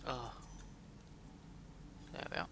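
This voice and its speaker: A man's voice: slow pace, background noise. A British man chatting casually with his live-stream chat while playing a game, joking at his own expense. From Britain.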